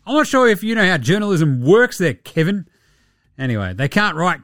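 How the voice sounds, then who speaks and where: Sarcastic, swearing Australian man, lively pitch. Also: moderate pace, no room sound, studio quality. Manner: profane, sarcastic, mocking impressions. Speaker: podcast host. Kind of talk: casual sports chat.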